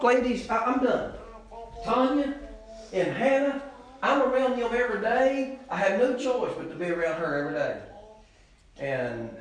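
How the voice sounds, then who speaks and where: A middle-aged preacher, his voice sitting a little high for a man. He preaches in a folksy way, swinging from loud bursts to soft asides, and the church room around him echoes. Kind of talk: sermon.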